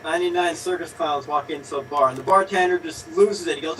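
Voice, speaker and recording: A man with a notably high voice tells improv jokes with playful, shouty character voices. He sounds a little distant from the mic, with a faint hiss behind him. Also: quick pace. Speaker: improv player. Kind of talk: improvised comedy.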